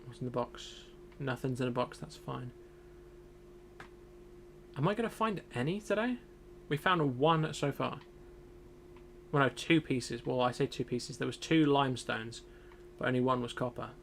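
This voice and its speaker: A young man mutters to himself while streaming a survival game, keeping up a casual running commentary. He speaks at a moderate pace in a steady, gravelly, medium-pitched voice, with a little hiss or hum in the background.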